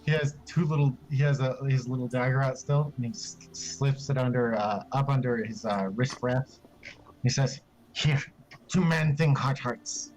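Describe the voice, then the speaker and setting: A man's voice: medium pitch, fairly even intonation, moderate pace, a little mellow, rough recording. A man narrating as game master of a tabletop game, in a loose, offhand way.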